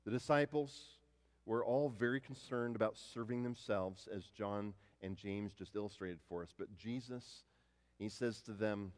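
Low-voiced man preaching in a reverberant hall. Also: unhurried, a little mellow. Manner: conversational, rhetorical questions to the congregation; frequent restarts and repeated words. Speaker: pastor. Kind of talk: sermon.

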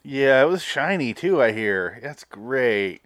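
A man's voice: mid-range voice, very animated, slow, fairly bright tone. A man talks loosely on a casual podcast, tossing out jokes and swearing freely. His voice sits in a middling range. The sound is dry and close, with no room echo. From Canada. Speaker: podcast co-host. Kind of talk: casual chat.

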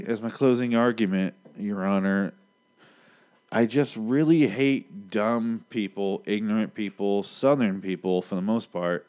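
A man's voice: lowish voice, a little mellow. Heated, profane man in his thirties. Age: 30s. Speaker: comedian and podcast host. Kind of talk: solo podcast rant.

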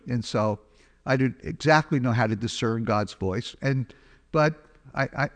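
Humorous man telling a testimony in a hall. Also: mid-range voice. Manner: storytelling, chatty and humorous. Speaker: speaker giving a testimony. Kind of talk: personal testimony sermon. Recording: long hall reverb.

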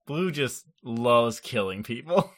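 A man's voice: mid-range voice, expressive, slow pace. A man co-hosting a podcast, recapping an anime episode in loose casual chat, laughing often and swearing. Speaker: podcast co-host.

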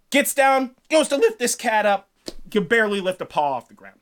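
A man's voice: sits high, sing-song, moderate pace. A man retelling a myth in a casual, slangy podcast storytelling style, laughing along. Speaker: podcast host.

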